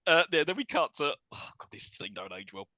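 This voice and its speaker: A man's voice: on the high side, sing-song, a little fast, pushed and bright, no room sound. A British man co-hosting a podcast, animatedly retelling film scenes with frequent laughter in casual chat. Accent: British English. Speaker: podcast co-host.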